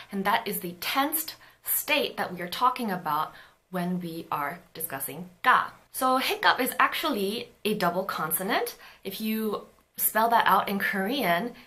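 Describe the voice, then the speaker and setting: A woman teaching a Korean pronunciation lesson, explaining patiently and clearly and sounding out example syllables. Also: mid-range voice, bright, forceful tone.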